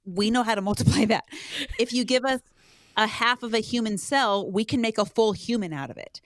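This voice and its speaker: A woman's voice: on the high side, brisk, no echo, studio quality. A woman hosting a podcast interview, effusive and reflective, thinking aloud as she talks. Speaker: podcast host. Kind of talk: conversational interview.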